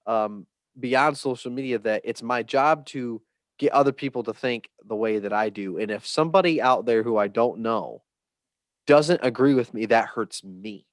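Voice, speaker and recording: A man hosting a podcast, talking in an earnest, rambling way that turns animated. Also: mid-range voice, normal speed, no echo. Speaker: podcast host. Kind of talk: casual conversation.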